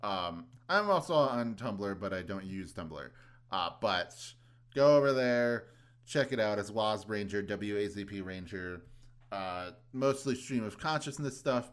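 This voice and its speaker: A man co-hosting a podcast in casual chat, rambling along with lots of restarts and fillers. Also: mid-range voice. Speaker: podcast co-host.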